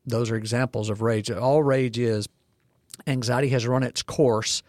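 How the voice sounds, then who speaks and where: A man's voice: medium pitch, steady tone, measured pace, a little mellow, no room sound, studio quality. A man co-hosting a podcast discussion, telling stories with frequent restarts. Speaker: co-host.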